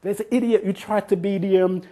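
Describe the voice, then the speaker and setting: A man imitating teenage girls who jeer at a boy, raising his voice high. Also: fairly even intonation, brisk. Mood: mocking. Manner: taunting, high and loud.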